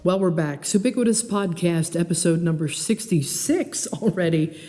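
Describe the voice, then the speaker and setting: A woman hosting a podcast, reading her own travel memoir aloud in an animated, expressive way. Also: on the low side, normal speed, big-room sound, soft background music. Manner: animated, acts out dialogue and song lines.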